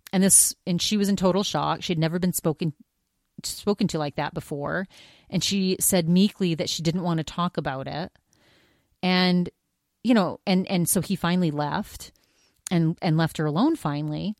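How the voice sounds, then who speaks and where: Woman podcast host, lowish voice, dry close sound, rambling and animated with many restarts. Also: normal speed, no echo. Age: older than college age. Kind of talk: casual podcast monologue.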